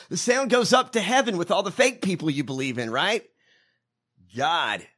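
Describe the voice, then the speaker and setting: A man co-hosting a podcast, trading profane political banter, loud and swearing, swinging from shouts to mutters. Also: high voice, animated, moderate pace, breathy edge. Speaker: podcast co-host.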